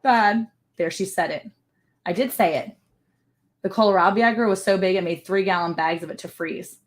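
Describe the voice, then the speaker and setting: A woman's voice: mid-range voice, normal speed. A woman hosting a casual livestream from her ranch, chatting playfully and joking while reading out viewer comments. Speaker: livestream show host. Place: ranch home.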